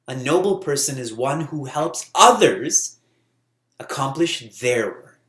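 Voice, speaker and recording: A man giving a spiritual talk in a reverberant hall. His pitch sits in the middle, and his delivery is lively and full of laughter as he tells stories to his listeners. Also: a little slow. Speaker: spiritual teacher.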